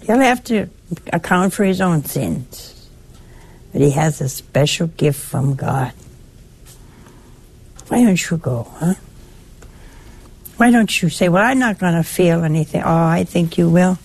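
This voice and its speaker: An older woman preaches in a somewhat low voice. She talks in a chatty, lively way and chides her listeners with affection. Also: a little slow, long pauses, breathy edge. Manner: conversational, lively, chiding and affectionate. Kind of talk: sermon.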